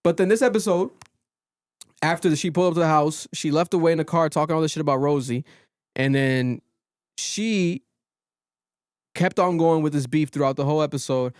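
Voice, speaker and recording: Animated man recapping gossip, higher voice. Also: a little fast, long pauses. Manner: animated storytelling, swears freely, quotes people in raised voices. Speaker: podcast host. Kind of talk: casual chat recapping a reality show.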